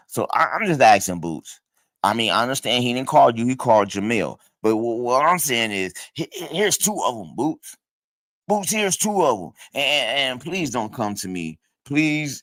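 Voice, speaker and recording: A fifty-year-old man hosts a casual boxing livestream with a fairly low voice, close and dry on the mic. He talks trash loosely, stumbling into repeated words and swearing as he reads the chat. His voice jumps up high when he gets worked up. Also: no echo. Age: 50s. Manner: animated, stuttering repetitions, profane trash talk.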